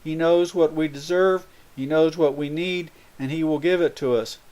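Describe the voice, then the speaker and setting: A man's voice: on the high side, fairly even intonation, normal speed, a little mellow. A man giving a sermon, earnestly explaining spiritual points through everyday examples. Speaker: spiritual speaker.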